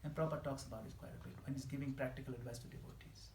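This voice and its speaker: A man giving a scripture class in a temple hall, animated and emphatic, laughing at his own examples. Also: mid-range voice, racing, a little hiss or hum. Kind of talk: scripture class lecture answering questions. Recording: echoey hall with faint ambience.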